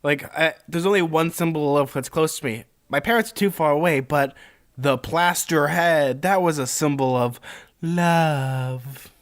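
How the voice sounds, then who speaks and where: A man's voice: a little high, moderate pace, fairly bright tone. A young man co-hosting a podcast, retelling a story in a rambling, jokey casual chat. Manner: rambling, jokey, many fillers. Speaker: podcast co-host.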